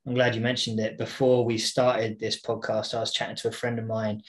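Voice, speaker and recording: A man's voice: mid-range voice, a little fast. A British man co-hosting a casual podcast in a mid-range voice. He tells anecdotes with energy and voices the quotes inside them. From Britain. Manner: animated storyteller who acts out quotes. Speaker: podcast co-host. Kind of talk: casual podcast chat about Bible reading.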